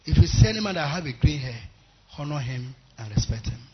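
A Nigerian man from the Yoruba area, a pastor giving a sermon testimony in emphatic storytelling that swings from quiet asides to loud exclamations. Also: a little high, big pitch swings, a little fast, highs cut off, background noise.

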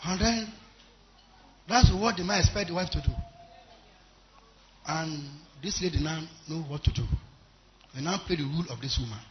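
A man preaching a sermon with a Nigerian English accent, swinging between loud exhortation and quiet storytelling, in a church service. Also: on the high side, moderate pace, long pauses, slight background noise. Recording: muffled recording.

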